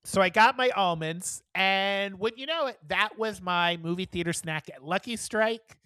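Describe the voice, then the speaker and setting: Profane, animated woman telling a story. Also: mid-range voice, unhurried, smooth, dry recording. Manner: animated, profane, acts out quoted dialogue. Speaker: podcast co-host. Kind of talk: casual podcast storytelling.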